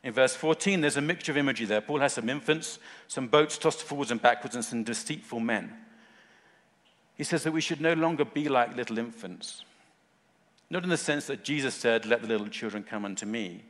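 A man's voice: mid-range voice, fairly quick, fairly bright tone. A man preaching a sermon in short, earnest phrases, rising at times to fervent emphasis. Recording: long hall reverb.

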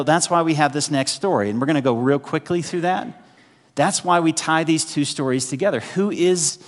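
A man preaching a sermon in a conversational way, often checking in with the congregation with quick asides. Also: fairly high pitch. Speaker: pastor. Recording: long hall reverb.

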